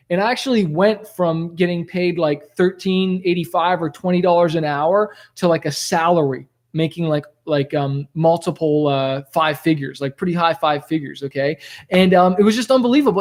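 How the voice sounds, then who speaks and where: A man with a notably high-pitched voice gives a motivational talk straight to the camera, animated and conversational. He keeps dropping "like" and "okay?" as he tells stories from his past. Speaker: rap rock musician giving motivational talk.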